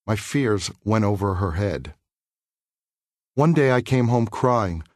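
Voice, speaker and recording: A man's voice: lowish voice, expressive, no room sound, clean studio sound. Earnest man reading his memoir. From New York City. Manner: measured, earnest, reflective reading. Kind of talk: audiobook memoir narration.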